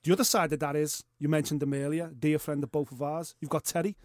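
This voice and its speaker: A man's voice: on the high side, steady tone, fast, dry recording, clean studio sound. Man hosting a matey chat. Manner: matey, encouraging, casual swearing. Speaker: podcast host. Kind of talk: casual podcast chat.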